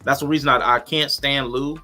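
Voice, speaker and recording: A man's voice: mid-range voice, fairly even intonation, brisk, bright, forceful tone. A man who streams, a guest on a casual live-stream chat, talking earnestly about his views. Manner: earnest, reflective, explains his feelings.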